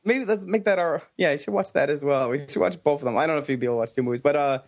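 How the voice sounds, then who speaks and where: Man, podcast co-host, slightly high voice, excitable, stumbles over words. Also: rapid-fire. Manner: excitable, laughs often, stumbling. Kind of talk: casual chat.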